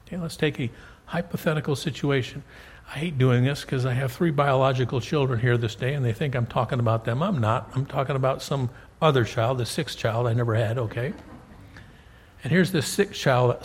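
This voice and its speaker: A man's voice: mid-range voice, fairly quick, a little hiss or hum. A middle-aged man preaching a conversational sermon to a congregation, often repeating words and checking in with his listeners. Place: church hall. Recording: hall reverb.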